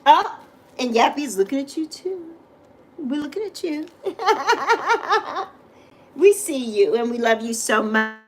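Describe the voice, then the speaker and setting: A woman's voice: sits high, lively intonation, normal speed. A middle-aged woman hosting a livestream, talking to viewers in an effusive, emotional, repetitive way into a microphone. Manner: speaks directly to viewers. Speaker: livestream host. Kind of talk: heartfelt livestream chat. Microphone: desk microphone.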